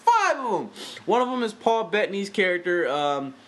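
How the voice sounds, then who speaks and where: A man's voice: high-pitched, sing-song, moderate pace, a bit bright. A man giving a casual, profane, exasperated film review, talking animatedly and swearing freely.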